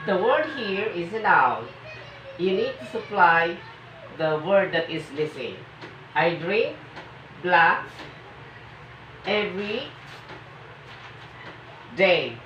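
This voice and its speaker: Slow, emphatic woman teaching grammar. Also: fairly low pitch, lively intonation, fairly bright tone, a little hiss or hum. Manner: slow, emphatic reading of example sentences. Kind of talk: classroom grammar lesson. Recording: echoey, muffled room from a distance.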